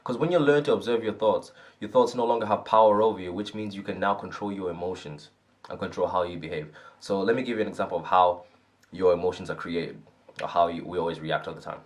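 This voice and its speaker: A man gives an earnest motivational talk in a casual, conversational way. His voice sits on the low side, and he keeps checking in with listeners by asking "right?". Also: quick pace. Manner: earnest, repetitive, often asks "right?". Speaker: self-help vlogger.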